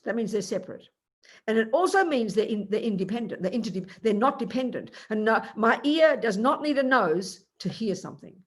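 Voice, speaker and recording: An older woman, a Buddhist nun, giving an animated, emphatic dharma teaching and acting out small dialogues. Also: medium pitch, slightly rough.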